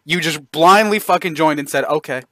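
A man tearing into someone over voice chat, mocking and aggressive, always cutting in. His voice is bright and pointed, it swings up and down, and the sound is close and dry with no room behind it. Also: a little high, lively intonation, brisk, no echo. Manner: aggressive, mocking, constantly interrupting. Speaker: Discord server host. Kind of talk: heated voice-chat trash talk.

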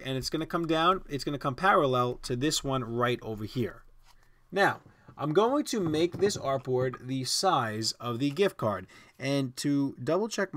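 A man's voice: medium pitch, fairly bright tone, dry recording. Casual man walking through design steps. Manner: casual, step-by-step instruction with fillers. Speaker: design tutorial host. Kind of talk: screen-recorded software tutorial.

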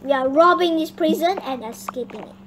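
A young girl hosting her gaming channel, chatting excitably and bossing her teammate around. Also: high voice, a little fast. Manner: excitable, chatty, bossy toward her partner. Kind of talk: casual gameplay chat. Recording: noisy home recording.

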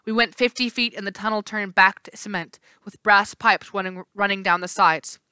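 A woman teacher reading a novel aloud in a steady storytelling voice with small slips. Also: medium pitch, normal speed, clean tone, no echo.

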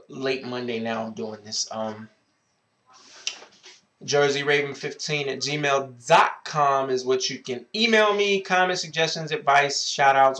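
A man's voice: mid-range voice, fairly bright tone. A man giving dating advice in a casual vlog. He is sassy and outspoken, swears freely, and keeps drawing out a greeting catchphrase. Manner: repeats a drawn-out greeting catchphrase. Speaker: advice vlogger.

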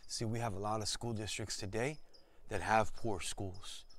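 A man's voice: fairly low pitch, steady tone, normal speed, fairly bright tone. A male teacher reading a picture book aloud as a lesson, enthusiastic and speaking straight to his listeners. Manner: enthusiastic, exclaiming and addressing listeners. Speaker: ethnic studies teacher. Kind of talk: storybook read-aloud lesson.

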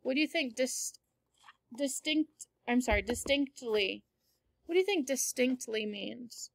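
A woman's voice: sits high, expressive, a little slow, gravelly, dry recording. A woman teacher in a classroom, patiently explaining word meanings with everyday examples during a read-aloud lesson.

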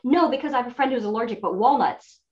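A woman voice actor guest in a casual chat, friendly and quick to laugh. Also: a little high, muffled recording.

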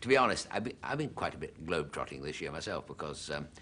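A man's voice: a bass voice, sing-song, quick pace. A man doing a jokey, self-mocking stand-up monologue. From Britain. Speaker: comedian. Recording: loud audience noise throughout. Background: studio audience laughter.

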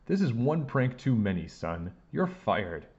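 Guy doing a bossy film director dad, deep voice, barks orders, muffled sound. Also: lively intonation, fairly quick. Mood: angry. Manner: shouting, demanding. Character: stern angry man, a film director and father.

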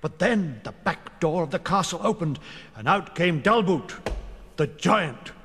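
A man reading a children's story aloud in a playful, animated way. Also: on the high side, normal speed, background noise.

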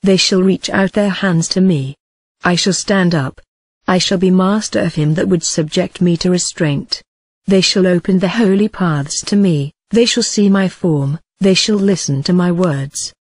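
Breathy computer voice doing an audiobook, reads the punctuation out, dead dry sound. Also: mid-range voice, measured pace, no room sound. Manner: reads punctuation aloud, even recited cadence. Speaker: audiobook reader. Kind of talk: scripted narration of an ancient text.

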